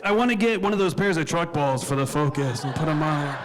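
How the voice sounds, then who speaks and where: A man doing a stand-up set on a club stage, telling crude, self-deprecating stories in a deadpan way and acting out what people said. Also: on the high side, brisk, background noise. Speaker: stand-up comedian. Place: comedy club stage before a live audience. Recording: live club recording with crowd laughter. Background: audience laughing.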